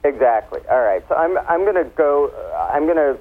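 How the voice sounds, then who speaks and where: A man's voice: on the high side, big pitch swings, a little fast. A man, a wine expert guest, explaining things in a chatty, playful way during a casual radio interview. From United States. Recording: tinny phone line.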